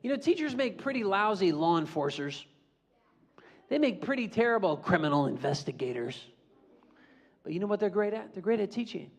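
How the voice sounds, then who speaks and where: A middle-aged man, a motivational speaker, giving an animated school assembly talk and leading the audience in call-and-response. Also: high voice, normal speed.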